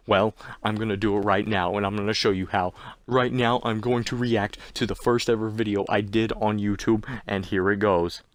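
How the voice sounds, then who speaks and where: A teenage male YouTuber delivering a sarcastic comedy rant in a deadpan, mock-angry way. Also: lowish voice, normal speed, no room sound.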